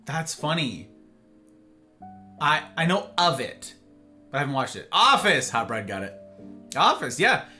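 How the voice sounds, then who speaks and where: Streamer host, male, bright tone, animated rambling chat, faint guitar underneath. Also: a little high, a little slow, pauses often. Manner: rambling, animated, acts out little dialogues. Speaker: livestream host. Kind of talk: casual chat with live viewers. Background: faint guitar music.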